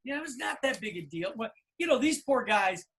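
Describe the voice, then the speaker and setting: A middle-aged man telling a long anecdote on a podcast, acting out the people he quotes in loud, animated voices. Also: very high voice, brisk. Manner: animated storyteller, acts out quoted people loudly. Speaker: podcast co-host. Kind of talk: casual storytelling.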